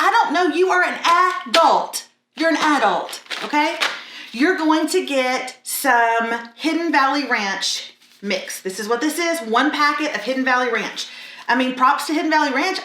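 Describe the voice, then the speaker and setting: A woman's voice: sits high, animated, normal speed, a bit bright, reverberant. A woman hosting a casual cooking tutorial in her home kitchen, blunt, sarcastic and self-mocking. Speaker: cooking vlog host.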